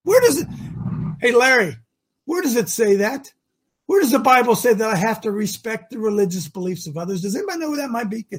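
A preachy male talk show host from Ohio with a husky voice. He talks emphatically, breaking out into shouts and then dropping low. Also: sing-song, a little fast. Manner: emphatic and preachy, swinging between shouting and mutters.

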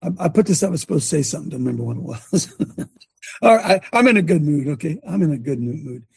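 A man preaching passionately to his congregation as host of the show, ranting with his voice leaping high when fired up. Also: very animated, quick pace, creaky, slightly rough, no room sound.

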